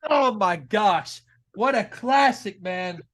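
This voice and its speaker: A man co-hosting a casual wrestling talk show, excitable and gushing, quick to laugh. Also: high voice. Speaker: co-host.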